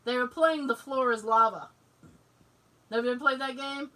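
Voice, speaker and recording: A woman in her forties co-hosting a podcast, telling family stories in casual chat, animated, laughing often and swearing freely. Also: sits high, moderate pace. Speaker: podcast co-host. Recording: distant mic, noisy.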